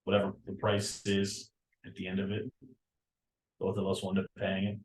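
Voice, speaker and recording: A man playing in a tabletop game, speaking in a low-key way. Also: completely flat delivery, moderate pace, reverberant, rough recording. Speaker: player. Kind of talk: casual tabletop game chat.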